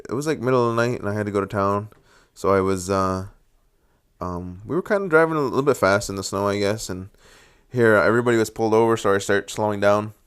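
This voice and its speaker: Young guy, smooth clear voice, chill podcast chat, tells stories with acted-out bits. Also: on the low side. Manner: constant quick agreeing, animated storytelling with acted-out exclamations.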